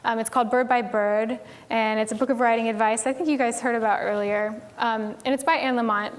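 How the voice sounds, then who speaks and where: A woman's voice: a little high, steady tone, brisk. A woman from Tennessee giving a casual conference talk on stage, chatty and full of "like" and "um". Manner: chatty, frequent "like" and "um" fillers. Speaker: conference speaker.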